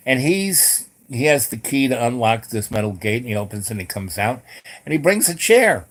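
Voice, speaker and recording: A man's voice: mid-range voice, very animated, moderate pace, fairly bright tone. Rambling man telling a story. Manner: rambling, many fillers and restarts. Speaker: host. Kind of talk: casual storytelling.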